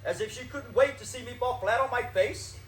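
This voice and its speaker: An actor playing a vain, self-doubting stage actor who declaims grandly and then sinks into nervous gloom, in a live stage play. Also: male voice, very high-pitched, fairly quick, fairly bright tone. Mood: anxious, grandiose. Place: theater stage. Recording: echoey stage, distant mic, faint hiss.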